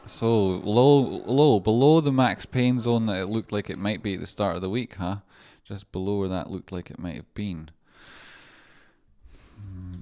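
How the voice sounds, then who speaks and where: Brief: male streamer and trader with a low voice, loose and chatty, swears freely, laughs a lot between points. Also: a little mellow. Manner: rambling, swearing, laughs often. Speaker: livestream stock trader. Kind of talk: casual livestream commentary.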